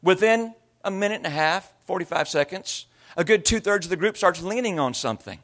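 Guy preaching, kinda high voice, chatty story-heavy sermon, does little voices n accents. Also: expressive, fairly quick, fairly bright tone. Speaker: pastor.

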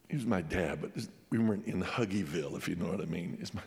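A man preaching a sermon, telling a childhood story in a folksy, halting way and going quiet at the tender parts. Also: deep voice, expressive, vocal fry, long reverb tail. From Colorado, USA. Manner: folksy, halting storyteller who drops to a hush at emotional points.

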